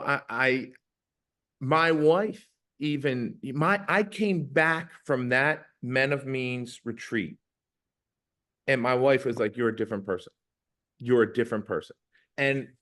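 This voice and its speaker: A man's voice: medium pitch, a bit bright. Rambling, emotional male podcast host. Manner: emotional, rambling, repeats words. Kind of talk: casual conversation on a video call. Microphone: video call.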